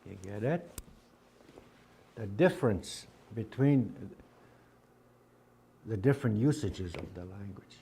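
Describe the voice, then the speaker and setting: A man's voice: lowish voice, sing-song, slow, creaky, pauses often, warm tone, slight background noise. A man teaching a Dakota language class, patiently repeating words over and over and drilling contrasting word pairs aloud. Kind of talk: spoken language lesson.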